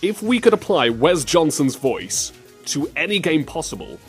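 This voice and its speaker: A man hosting a comedic podcast, animated and prone to silly impressions. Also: on the high side, moderate pace, husky, faint music behind. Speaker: podcast host.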